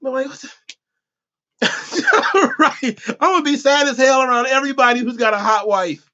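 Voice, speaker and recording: A man's voice: very high-pitched, normal speed, pushed and bright. A man hosting a podcast in a profane comedic rant, laughing often and acting out voices, on dull lo-fi audio. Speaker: podcast host.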